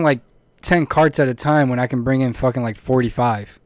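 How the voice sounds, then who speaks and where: A young man co-hosting a podcast, telling stories in animated, blunt casual chat and swearing often. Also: mid-range voice, normal speed, no echo. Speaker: podcast co-host.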